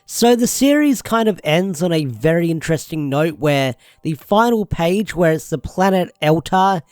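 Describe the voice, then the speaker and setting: A man with a slightly higher than usual voice chats through a comic book review in a relaxed, rambling way, leaning on filler and shrugging asides. The recording is close and dry, with no room sound. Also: normal speed, no room sound. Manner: rambling, hedging with "sort of" and "who knows". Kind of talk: casual video review.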